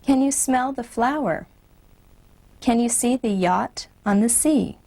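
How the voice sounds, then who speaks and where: A woman teaching phonics, slowly modeling each letter sound and word for learners to repeat. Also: a little high, dark tone, low-quality recording. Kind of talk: scripted instructional narration.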